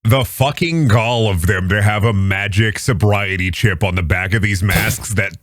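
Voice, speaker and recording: A man's voice: on the low side, normal speed, a bit bright, no room sound, clean studio sound. A man as a podcast guest in casual chat, blunt and exasperated, swearing freely.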